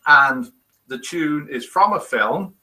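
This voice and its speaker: A middle-aged man from the United Kingdom hosts a casual live morning broadcast, reading viewer comments aloud with playful, chuckling banter. His voice sits fairly high and swings widely in pitch. The tone is bright and forward. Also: slow pace, low-quality recording. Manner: lively, chuckling, playful quiz-master banter. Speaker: host of a daily live show.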